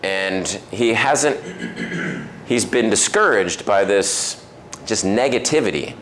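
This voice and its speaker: A man's voice: fairly low pitch, lively intonation, slow pace, fairly bright tone, slight background noise. A man who owns a restaurant gives a casual talk to a men's group, telling stories and acting out the voices of the people in them, with many fillers. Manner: storytelling, acts out quoted voices, many fillers. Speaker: restaurant owner giving a talk. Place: restaurant dining room.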